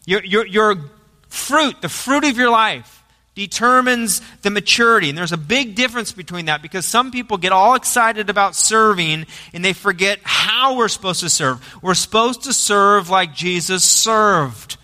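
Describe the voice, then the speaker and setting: A man's voice: high-pitched, lively intonation, moderate pace, sharp tone. A man preaching a sermon to his congregation as pastor, asking them to repeat lines back and rising to emphatic moments. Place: church sanctuary. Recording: long hall reverb.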